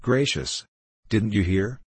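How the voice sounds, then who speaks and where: A man's voice: lowish voice, animated, slow, breathy edge, dry recording, full character voice. A man reading an earnest workman who speaks broken English. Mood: astonished. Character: German workman, neighbor, steady.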